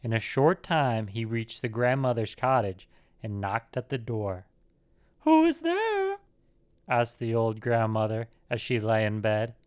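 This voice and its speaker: A man narrating a fairy tale aloud with an expressive storyteller's delivery. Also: lowish voice, a little slow, smooth.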